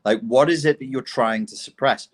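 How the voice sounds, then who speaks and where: A man's voice: medium pitch, normal speed. Blunt, swearing man in casual talk. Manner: blunt, profane, mocking. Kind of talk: casual conversation.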